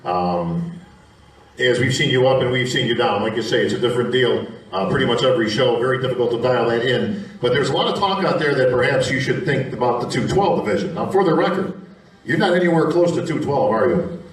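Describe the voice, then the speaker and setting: A man's voice: medium pitch, expressive, a little fast. A man hosting a press conference, asking questions and teasing the competitors. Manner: joking, teasing. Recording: echoey room recorded from far off.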